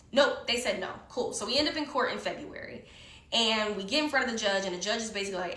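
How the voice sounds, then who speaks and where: A woman telling a story in casual conversation, animated and heated, swearing often, recorded in an echoey room. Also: on the high side, brisk. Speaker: guest storyteller.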